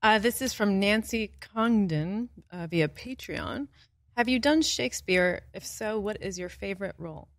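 A woman's voice: medium pitch, animated, moderate pace, no room sound. Woman reading listener questions, dry sound.

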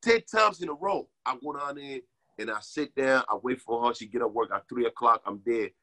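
A young man from Liberia telling his life story in a casual interview, animated and often asking "you know what I'm saying". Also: medium pitch, moderate pace.

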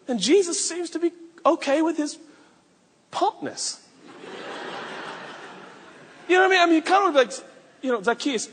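A male pastor preaching an animated, joking sermon in a large hall. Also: very high voice. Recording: echoey hall reverb.

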